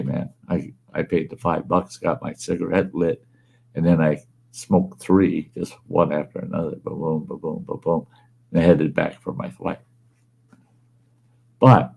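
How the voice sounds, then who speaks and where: Gravelly low-voiced man telling a folksy story. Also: darkish tone. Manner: folksy, rambling, plain-spoken. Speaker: storytelling show host. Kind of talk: casual spoken storytelling. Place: at home. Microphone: wearing earbuds.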